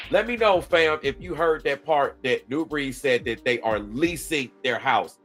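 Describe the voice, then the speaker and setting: Hosting reaction commentary on a video, a man from Georgia, USA, mocks the clip and answers his chat. He speaks unhurriedly with few pauses, his voice on the high side and a bit bright, with faint music behind.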